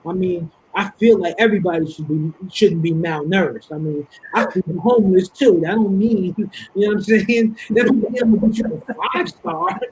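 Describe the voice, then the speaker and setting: A man from Harlem, telling stories in an animated, laughing way as a podcast guest. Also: high-pitched, normal speed, slight background noise, low-quality recording. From Harlem, New York. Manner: animated storytelling, laughing often. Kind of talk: casual podcast chat.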